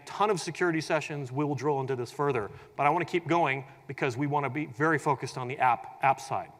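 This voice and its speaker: A man giving a tech conference keynote in a large hall, energetic and humorous, acting out quoted scenarios as he explains. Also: a little high. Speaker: conference presenter. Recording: long hall reverb.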